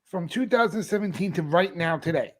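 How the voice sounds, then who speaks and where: Male co-host who cuts in bluntly with stats and jabs, high voice. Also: expressive, fairly quick, fairly bright tone. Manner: blunt, curt, swears casually. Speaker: podcast co-host. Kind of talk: casual live sports chat.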